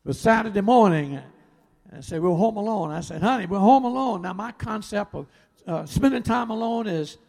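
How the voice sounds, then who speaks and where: A man in his fifties, a pastor telling a personal story in a sermon, animated and swinging from loud to near-whispered. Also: high-pitched, gravelly, breathy edge.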